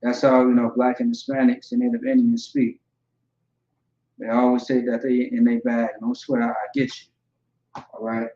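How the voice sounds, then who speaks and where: A man's voice: mid-range voice, little pitch movement, dark tone. Man teaching words in an echoey room. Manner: repeats words slowly and checks in with "all right" and "okay". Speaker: language teacher. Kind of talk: informal vocabulary lesson. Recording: echoey room, dull lo-fi sound.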